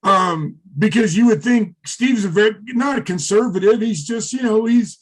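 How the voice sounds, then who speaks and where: High-voiced man telling rambling stories. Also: normal speed. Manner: rambling and profane, many fillers. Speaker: guest, former wrestler. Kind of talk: casual interview storytelling.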